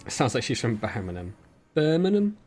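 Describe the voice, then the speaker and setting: A man's voice: lowish voice, sing-song, normal speed, gravelly, faint music behind. A man with a West Country accent, chatting and joking casually while streaming a game. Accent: West Country English. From West Country, England. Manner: chatty, joking, laughs often. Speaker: gaming streamer.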